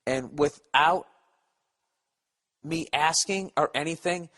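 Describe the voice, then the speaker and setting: This Boston-accented podcast host speaks slowly in a fairly high voice that's bright and forceful. His rant is casual and comedic, rambling, sarcastic and profane.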